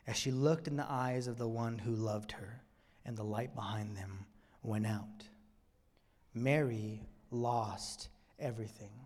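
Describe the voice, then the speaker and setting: A man preaching a sermon in a church, moving dramatically from hushed, somber passages to soaring emphasis. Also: medium pitch, long reverb tail. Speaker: pastor. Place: church sanctuary.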